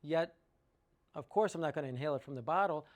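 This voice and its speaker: A man's voice: fairly high pitch, rapid-fire. A man giving an informal sales talk about water treatment, working through sums aloud with enthusiasm and rhetorical questions.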